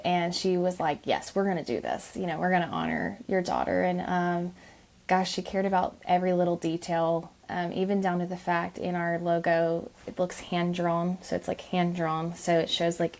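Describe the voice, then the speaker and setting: Podcast guest, woman, thirties, low gravelly voice, soft and halting delivery. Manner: soft-spoken, many ums and restarts. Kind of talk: conversational interview.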